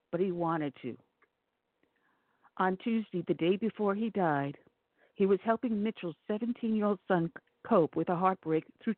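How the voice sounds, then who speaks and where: A talk radio host reads news articles aloud on air in a steady delivery and sometimes stumbles over names. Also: medium pitch, no room sound. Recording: tinny phone-like, dry sound.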